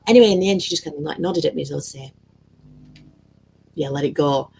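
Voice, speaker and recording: A woman's voice: sits low, racing, gravelly, slightly rough, poor audio. A woman telling a story in casual, rambling chat on a video call, full of fillers and swearing. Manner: rambling, animated, swears freely, many fillers. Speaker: guest. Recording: faint background noise.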